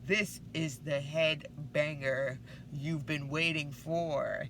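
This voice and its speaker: A bold woman with a bright, forceful voice trades insults as she reads out her own text messages. She is emphatic and boastful, and a faint rumble sits behind her. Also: fairly even intonation, slow pace. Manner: brash, profane and boastful; emphatic and confrontational. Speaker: vlogger. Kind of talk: storytime vlog reading out text messages.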